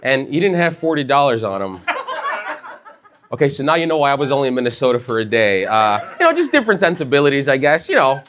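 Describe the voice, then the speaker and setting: A man's voice: medium pitch, big pitch swings, quick pace, noisy background. A man in his thirties from Chicago doing a loose, conversational stand-up set on a comedy club stage, dropping "like" and "bro" throughout. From Chicago, USA. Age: 30s.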